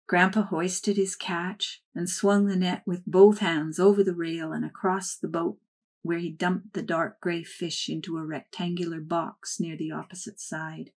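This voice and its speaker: A woman reading a first-person memoir aloud in a soft, measured storytelling voice. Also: on the low side. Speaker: narrator.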